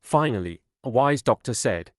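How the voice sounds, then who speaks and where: A man calmly narrating a scripted storybook tale in a measured way. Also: medium pitch, no echo, clean studio sound.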